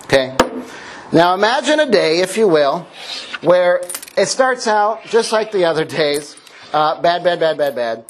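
Playful male pastor, high voice, slight background hiss. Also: lively intonation, measured pace. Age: adult parent. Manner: playful, jokey storytelling with laughs. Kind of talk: sermon object lesson.

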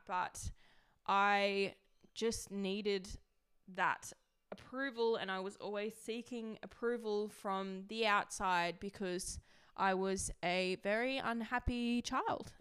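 Smooth-voiced young woman, confessional podcast monologue. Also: mid-range voice, fairly bright tone. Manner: emotional, confessional, with frequent "like" fillers. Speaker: podcast host. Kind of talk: candid personal monologue.

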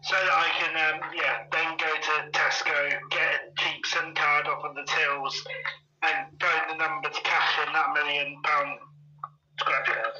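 Man, player, rambling restarts, high bright voice, muffled. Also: level tone, unhurried, recorded from a distance, soft background music. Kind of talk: casual tabletop play. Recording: muffled, faint background noise.

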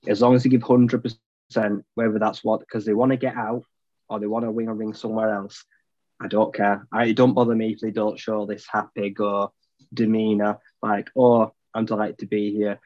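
A low-voiced man states his views bluntly on a sports podcast, without hedging. His voice comes over a dull, lo-fi line and sounds close and dry. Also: level tone, moderate pace, a little mellow, no room sound. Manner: blunt, plain-spoken. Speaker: podcast co-host. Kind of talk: casual sports discussion.

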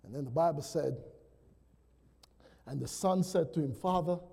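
A man preaching a sermon as pastor, animated and calling out to the congregation. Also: on the high side, measured pace, creaky, slightly rough. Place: church sanctuary. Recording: long church reverb.

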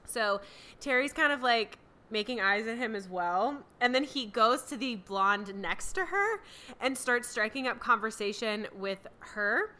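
A woman's voice: medium pitch, sharp tone. A woman co-hosting a casual movie-review chat, enthusiastically describing scenes and laughing often. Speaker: podcast co-host reviewing a movie.

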